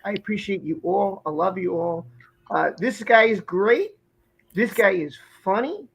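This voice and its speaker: A man's voice: sits high, expressive, a little slow, gravelly, slightly rough, low-quality recording. This is a man with a Brooklyn accent hosting a live stream. He talks emphatically and gushes, and he circles back over the same points again and again. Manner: emphatic, effusive, repeats himself. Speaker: host.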